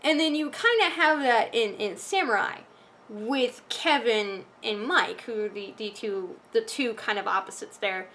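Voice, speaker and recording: A woman's voice: on the high side, a little slow, bright, forceful tone, slight background noise. A woman vlogging from home, ranting casually with lots of restarts and fillers. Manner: rambling, frustrated, many restarts and fillers.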